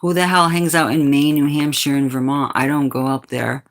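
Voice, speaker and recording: Sassy low-voiced woman livestreamer. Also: flat delivery, moderate pace. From New England, US. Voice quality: low, sultry voice. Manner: sassy, talks back to chat comments. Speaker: livestream host. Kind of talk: casual livestream chat.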